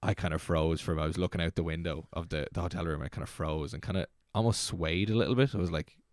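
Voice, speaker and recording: A young Irish man in his twenties, a DJ telling a rambling, excitable story as a guest. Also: low voice, quick pace, no echo, clean studio sound. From Ireland. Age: 20s. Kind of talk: casual storytelling.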